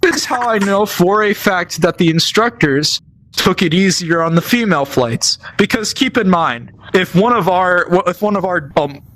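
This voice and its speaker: Young man, casual storytelling, rambling, many restarts, fairly high voice. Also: expressive, moderate pace, a bit bright. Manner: rambling, lots of fillers and restarts. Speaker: gamer telling military stories. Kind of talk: casual storytelling while gaming.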